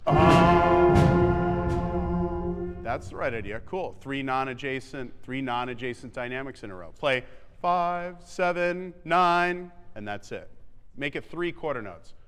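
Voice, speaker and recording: Brisk man coaching a band, echoing theatre. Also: medium pitch, animated, a bit bright, smooth, soft background music. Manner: brisk, counts off and sings the rhythms. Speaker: wind band clinician. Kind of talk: rehearsal coaching. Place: theatre stage. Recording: long theatre reverb with faint band.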